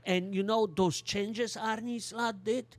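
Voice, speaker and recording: A man in his sixties chatting casually with his daughter, speaking haltingly with many fillers and non-native grammar. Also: high-pitched, steady tone. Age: 60s. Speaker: co-host, father. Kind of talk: casual chat.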